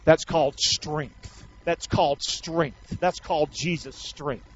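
A man preaching a sermon, calling on the congregation to answer back and swinging between shouts and hushed words. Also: fairly high pitch, steady tone, slow, slight background noise. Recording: dull lo-fi recording.

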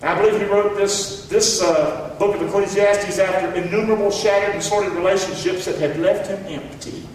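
A man's voice: high voice, fairly even intonation, normal speed, hardly any pauses, a little hiss or hum. A man pastor preaching a sermon, calling on the congregation to repeat words back. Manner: preaching with call-and-response to the congregation. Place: church hall. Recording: echoey hall from far off.

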